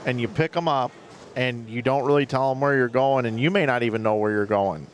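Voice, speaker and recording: A man with a voice of ordinary pitch, chatting on a bowling commentary with curious questions and a storytelling way. A faint noise hums in the background. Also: brisk. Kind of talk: casual chat on a bowling broadcast.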